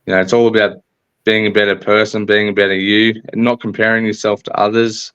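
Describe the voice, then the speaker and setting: A man's voice: lowish voice, flat delivery, brisk, fairly bright tone, smooth, no room sound. Australian man, podcast guest, earnest, resonant voice, dry close sound. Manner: earnest, upbeat encouragement. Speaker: podcast guest, motivational speaker. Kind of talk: casual interview talk. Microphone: recorded online call. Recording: dull lo-fi call audio.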